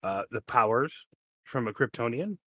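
Bright-voiced man recapping in casual chat. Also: mid-range voice, animated, moderate pace, husky, no room sound, lo-fi sound. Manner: laughs easily and recaps plot plainly. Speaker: podcast co-host.

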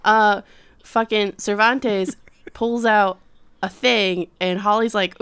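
A woman's voice: mid-range voice, steady tone, takes it slowly, a bit bright, smooth. A woman co-hosting a podcast, recapping a show in casual chat, sarcastic, swearing and acting out quotes. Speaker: podcast co-host.

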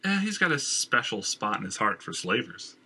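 A man reading an audiobook, voicing a gruff, impatient male companion who talks curtly. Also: fairly low pitch, big pitch swings, normal speed, sharp tone, exaggerated voice. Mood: annoyed. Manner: curt, annoyed.

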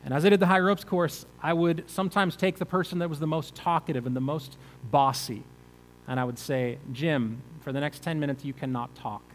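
A man's voice: a little high, fairly even intonation, a little fast, big-room sound, a little hiss or hum, rough recording. A male pastor preaching a conversational sermon, asking the listeners rhetorical questions.

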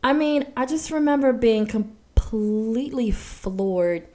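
A woman in her forties with a mellow, warm-toned voice tells a personal memory in relaxed conversation. She is animated, acting out what people said in lively quoted voices. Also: medium pitch, moderate pace. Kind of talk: casual chat, personal story.

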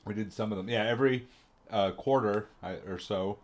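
A woman co-hosting a podcast in casual chat, speaking in a halting, understated way with hesitant "um"s. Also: a bass voice, a little mellow. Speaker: podcast co-host.

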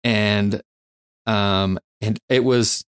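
Male guest, deep voice, dry close sound, reflective storyteller with frequent fillers. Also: steady tone, clear, resonant tone, dry recording. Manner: reflective, halting, many fillers. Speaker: firefighter and flight nurse guest. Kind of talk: candid storytelling interview.

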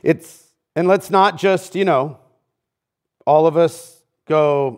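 A middle-aged man preaching a sermon as pastor in a church. He talks conversationally and drops to a near hush on key lines. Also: a little high, expressive, takes it slowly, long pauses. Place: church sanctuary.

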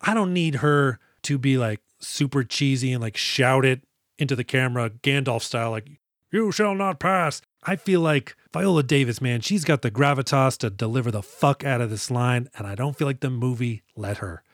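A male podcast co-host recaps a movie in an animated, joking way and swears freely. His voice sits mid-range. The recording is dry and close. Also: mid-range voice, fairly quick, dry recording. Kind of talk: casual movie review chat.

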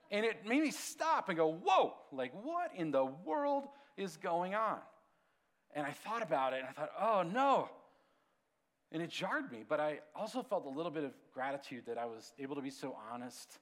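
Conversational pastor preaching to a congregation. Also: male voice, fairly high pitch. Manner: conversational, animated storytelling with sudden drops to a hush. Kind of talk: sermon.

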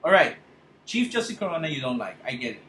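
A man's voice: a little high, very animated, fast talker, fairly bright tone, echoey room, a little hiss or hum, poor audio. A man ranting angrily and passionately on his podcast, swearing as he confronts a politician. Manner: angry, impassioned, swearing. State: choked up, fighting tears. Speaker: podcast host. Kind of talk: political rant monologue.

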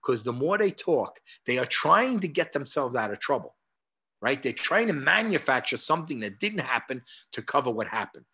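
Animated New York storyteller in his sixties. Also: medium pitch, normal speed, slightly rough. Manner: animated, acts out dialogue, many "uh" fillers. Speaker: guest, martial arts historian. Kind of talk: conversational storytelling. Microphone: video call.

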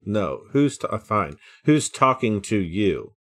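A man's voice: on the low side, sing-song, takes it slowly, fairly bright tone. A man playing at a tabletop game who asks blunt, short questions. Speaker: player. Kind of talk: casual play at the table.

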